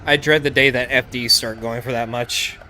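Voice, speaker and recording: A man from the States chats easily while streaming a racing game, his voice bright and sharp at the front. He rambles in a relaxed way, dropping filler words as he thinks aloud, with a faint hum of noise behind him. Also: medium pitch, normal speed. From United States. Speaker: livestream gaming host. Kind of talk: casual live-stream chat while playing.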